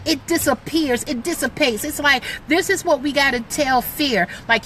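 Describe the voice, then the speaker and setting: Bright-voiced excitable motivational woman. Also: high voice, normal speed, hardly any pauses, a little hiss or hum. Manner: excitable, emphatic, preachy, lots of "like". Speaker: motivational vlogger. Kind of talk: motivational talk to camera.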